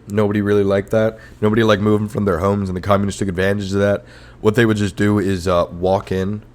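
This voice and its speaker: A young adult man hosting a comedy history podcast, ranting irreverently with sarcasm, swearing, and rambling fillers. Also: deep voice. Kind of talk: casual comedic rant. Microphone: headphones and podcast mic.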